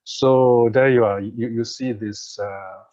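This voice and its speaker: A man lecturing a meditation class in a conversational way, often asking "right?" and laughing softly as he explains. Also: mid-range voice, steady tone, slow pace, no echo, highs cut off. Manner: conversational, checks in with "right?" and "okay?"; repeats words, chuckles while explaining. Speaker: meditation teacher.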